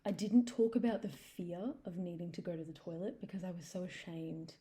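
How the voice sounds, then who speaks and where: Candid woman with a mellow, low voice. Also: a little fast, a little hiss or hum. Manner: candid and confessional, with some swearing. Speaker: podcast host. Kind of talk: personal storytelling monologue.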